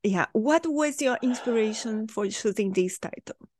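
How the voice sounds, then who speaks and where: Slow-speaking woman host, dry sound. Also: on the high side, animated, darkish tone, dry recording. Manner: slow, measured, polite questioning. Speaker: podcast host. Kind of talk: interview questions.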